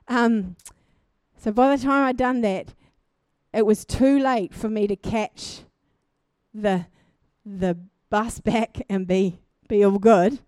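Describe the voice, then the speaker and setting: A young woman preaching a sermon, telling a personal testimony in an animated way and building to fervent exhortation. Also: medium pitch, slow, no room sound. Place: church.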